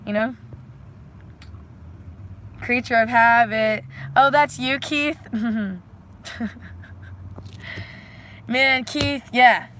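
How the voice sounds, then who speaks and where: A woman's voice: medium pitch, a bit bright, slight background noise. A woman chatting casually to livestream viewers, rambling and effusive, repeating affectionate phrases and slipping into spiritual pep talk. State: emotional, close to tears. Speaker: livestreamer offering readings.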